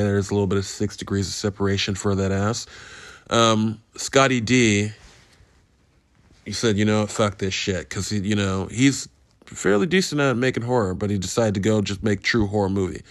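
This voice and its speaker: A man's voice: on the low side, no echo, clean studio sound. A man hosting a casual solo podcast, reviewing a movie in a rambling, profane, self-interrupting way. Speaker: podcast host.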